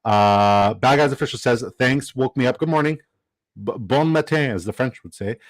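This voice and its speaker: Male streamer host, chatty and rambling, average pitch, dry sound. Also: normal speed, no room sound, low-quality recording. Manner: chatty and upbeat, rambling with fillers and shout-outs. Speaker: livestream host. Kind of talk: casual live-stream chat, reading viewer comments.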